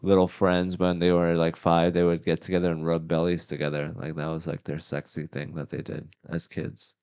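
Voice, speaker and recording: Male talk host, very low, smooth resonant voice, teasing questioner. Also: monotone, moderate pace, darkish tone, dull audio. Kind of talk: casual podcast chat.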